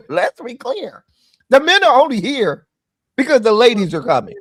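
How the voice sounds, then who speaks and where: Emphatic, profane male panelist, high voice, dry close mic. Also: wildly swooping pitch, measured pace, husky, no echo. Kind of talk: casual panel chat.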